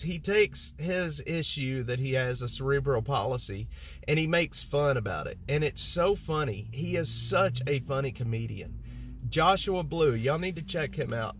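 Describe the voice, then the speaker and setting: This livestreamer from Texas has a slightly high, somewhat bright voice, with a little hiss or hum in the recording. He speaks casually and wanders off topic, mocking himself while addressing his chat.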